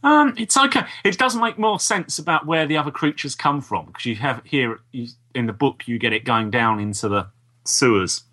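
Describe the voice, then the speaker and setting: A man co-hosting a podcast, chatting in a relaxed, rambling way. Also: medium pitch, normal speed. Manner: relaxed, agreeable, rambling sentences. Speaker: podcast co-host. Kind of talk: casual chat.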